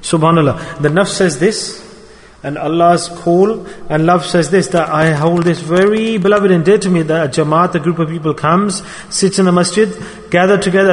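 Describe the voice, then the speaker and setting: A man delivers a sermon in a fairly high voice, and it rings with a long reverb like a large hall. He often asks his listeners questions and calls for their responses. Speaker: preacher. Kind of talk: sermon to a congregation.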